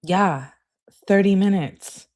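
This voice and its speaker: A woman's voice: mid-range voice, takes it slowly, darkish tone. A woman hosting a true crime channel, reading text messages aloud and adding emphatic, exasperated asides.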